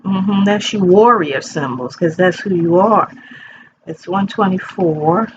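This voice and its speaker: A woman's voice: lowish voice, a little slow. Woman in her 50s rambling thru a tarot reading in her bedroom, muffled lo-fi sound, faint hiss. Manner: chatty, rambling, talks straight to viewers. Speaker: tarot reader. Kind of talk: casual tarot reading chat. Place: bedroom at home.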